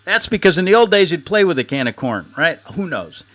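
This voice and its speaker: Animated storytelling man, lively pitch. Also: fairly quick. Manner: animated, storytelling, laughs often, acts out quotes. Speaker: host. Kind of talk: casual ranting monologue.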